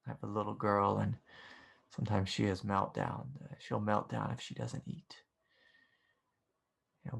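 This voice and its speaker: A man's voice: fairly low pitch, creaky, husky. A man who teaches meditation, telling a family story casually over a video call, rambling with many fillers and frequent chuckles. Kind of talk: casual storytelling in an online satsang.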